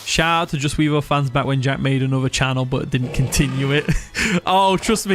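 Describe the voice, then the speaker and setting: A man's voice: medium pitch, a little fast, a bit bright, faint music behind. A young man from England, giving casual live commentary on a game, reading chat aloud and laughing often. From Nottinghamshire, England. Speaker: streamer.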